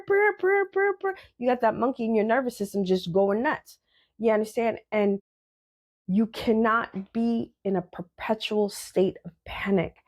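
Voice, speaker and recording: A woman's voice: medium pitch, darkish tone. A woman hosting a podcast, giving a blunt, emphatic motivational monologue, repeating her points and swearing casually. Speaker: podcast host.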